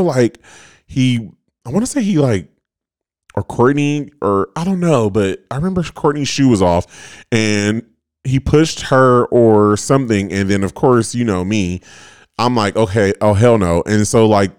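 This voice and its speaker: A man's voice: fairly low pitch, a little mellow, smooth, no echo, studio quality. A man in his late twenties, a podcast host, telling a rambling, profane story in a casual way with lots of "like" fillers.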